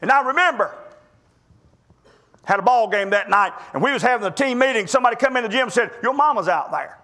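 High bright preacher man. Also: quick pace. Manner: folksy storytelling with repeated restarts. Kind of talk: sermon.

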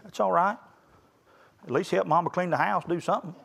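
A middle-aged man preaching a sermon to young graduates, building to loud emphatic peaks in a folksy way. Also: high voice, brisk, creaky, husky. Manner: rising to loud emphatic peaks, southern colloquial phrasing.

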